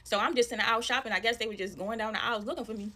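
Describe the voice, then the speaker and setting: Storytime woman; high-ish voice, extremely fast, slangy, talks straight to viewers. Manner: animated storytelling, acting out voices in quotes; addresses viewers as y'all, slangy and profane. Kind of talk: casual storytime to camera.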